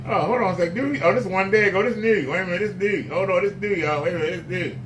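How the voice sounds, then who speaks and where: A man's voice: sits high, rapid-fire. A man giving rambling, repetitive casual reaction commentary. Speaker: commentary streamer. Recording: distant, roomy audio with background noise.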